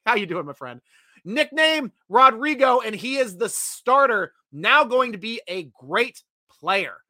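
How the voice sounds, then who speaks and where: A man's voice: very high-pitched, measured pace, no echo. A man hosting a casual sports fan livestream, chatting energetically and reading out viewer comments. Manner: energetic, chatty, bursts of loud excitement.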